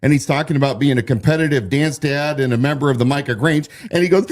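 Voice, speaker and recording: A male podcast co-host talks politics casually and quickly in a mid-range voice. He speaks loosely, with plenty of restarts and repeats.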